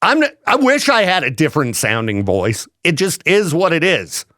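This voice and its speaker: Male morning radio host, lively swooping delivery, joking, dry studio mic. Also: a little high, moderate pace, dry recording. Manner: animated, joking, laughs often. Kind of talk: casual morning radio chat. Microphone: studio microphone.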